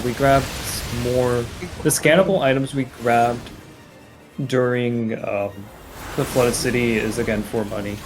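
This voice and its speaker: A man explaining a speedrun route as he plays, in a halting, loose live-stream commentary style. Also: medium pitch, noisy background. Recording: game music playing behind the voice.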